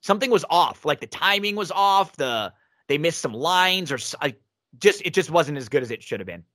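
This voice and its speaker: A man's voice: fairly high pitch, animated, normal speed, a bit bright, no echo, studio quality. A man co-hosting a wrestling review podcast, giving opinionated casual commentary with frequent restarts.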